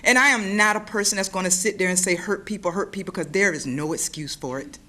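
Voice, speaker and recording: A woman's voice: medium pitch, lively intonation, fast talker, sharp tone. A mother giving public comment at a school board meeting, emotional and pleading, close to tears. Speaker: parent speaking at public comment.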